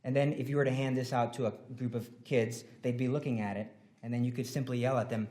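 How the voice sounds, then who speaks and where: A man giving an earnest devotional talk at a symposium, exhorting his listeners and breaking into loud, emphatic bursts. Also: medium pitch, steady tone, fast talker. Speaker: conference speaker.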